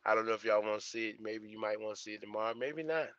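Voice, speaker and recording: A man's voice: on the low side, monotone, rapid-fire, a bit bright, no room sound, lo-fi sound. A young man streaming live as a trucker vlogger, chatting casually in a laid-back, slangy way and repeating himself. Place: truck cab.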